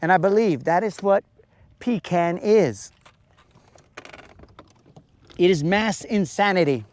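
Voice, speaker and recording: A man's voice: sits high, expressive, slow, a little mellow, a little hiss or hum. A man chatting casually on a live stream while fishing outdoors on a lake, ranting in a playful, mock-serious way and stretching out his words.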